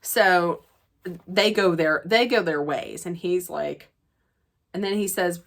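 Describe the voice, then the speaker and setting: Casual gossipy lady telling the show recap, a bit low-pitched, does little voices for the quotes. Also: slow, pauses often. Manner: gossipy, chatty retelling that acts out quoted dialogue. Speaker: reality TV recap vlogger. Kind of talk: casual chat.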